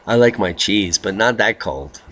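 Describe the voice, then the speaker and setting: Middle-aged male vlog host; unhurried, slow delivery, bright voice, rhyming quips. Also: lively intonation. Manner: jokey, rhyming asides, theatrical swings into high baby talk. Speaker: video blogger host. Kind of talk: rambling weather commentary vlog.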